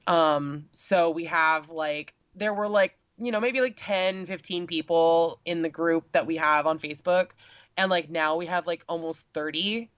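A woman's voice: fairly low pitch, measured pace, dry recording. Chatty young woman, lo-fi. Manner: chatty, lots of filler words, animated when quoting. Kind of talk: casual chat. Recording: dull lo-fi sound.

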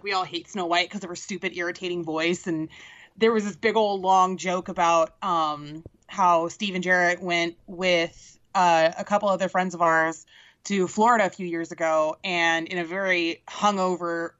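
A woman co-hosting a podcast, casually telling an animated story, swearing and laughing as she goes. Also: lowish voice, moderate pace, dull audio. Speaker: podcast co-host. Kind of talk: casual chat.

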